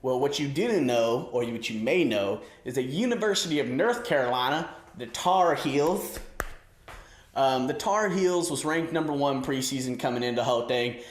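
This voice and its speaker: A man's voice: medium pitch, lively intonation, moderate pace, roomy sound. A man in his twenties riffing on sports in a loose, slangy comedy set, a little winded. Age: 20s. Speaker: host. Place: room with an audience.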